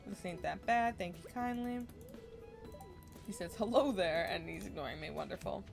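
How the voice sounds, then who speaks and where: Relaxed, chatty woman streamer. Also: lowish voice, moderate pace, gravelly, music in the background. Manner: relaxed, chatty, self-deprecating, muttering asides. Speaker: gaming streamer. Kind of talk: casual gameplay commentary.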